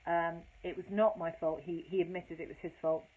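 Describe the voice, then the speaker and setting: A woman's voice: fairly low pitch, fairly even intonation, brisk, breathy edge. A woman in her fifties, hosting a casual live broadcast, telling stories candidly and self-deprecatingly, with lots of swearing and rambling fillers. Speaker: host of a live storytelling broadcast. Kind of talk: casual anecdotal storytelling. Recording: tinny phone-like audio.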